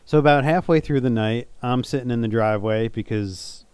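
Smooth-voiced male podcast host. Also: medium pitch, fairly quick, dry recording. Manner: relaxed storytelling with laughs. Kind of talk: casual chat.

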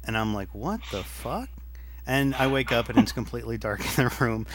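A man's voice: medium pitch, steady tone, quick pace, crowd noise. A man hosting a podcast, telling a story in a laid-back, casual way. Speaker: podcast host. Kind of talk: casual chat.

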